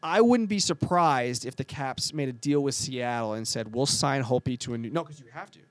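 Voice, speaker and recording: A man co-hosting a casual chat, talking fast and correcting himself as he goes. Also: medium pitch, animated, no echo. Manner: rambling, quick, self-correcting. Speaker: podcast co-host.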